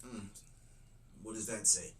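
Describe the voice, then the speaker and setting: A man's voice: lowish voice, unhurried, recorded from a distance, noisy background. A man hosting a stream, reacting to clips with laughing, mocking asides. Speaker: streamer host. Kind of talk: casual reaction commentary.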